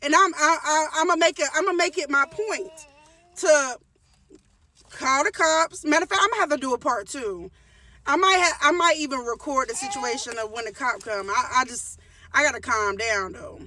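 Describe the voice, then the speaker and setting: A woman vlogger talks straight to her viewers in a heated storytime rant. Her voice sits high and rings bright. She hammers her points by repeating them and often restarts her sentences. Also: normal speed, recorded from a distance, a little hiss or hum. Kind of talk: casual storytime rant to camera.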